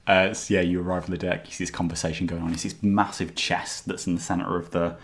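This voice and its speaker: A man's voice: deep voice, flat delivery, fast. A man narrating a tabletop game as game master, hesitant and full of fillers.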